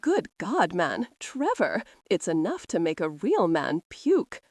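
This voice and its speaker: A woman's voice: on the low side, wildly swooping pitch, takes it slowly, a little mellow, no room sound, exaggerated voice. A woman voicing a blunt, hot-tempered young earl who swears freely, in an audiobook. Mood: exasperated.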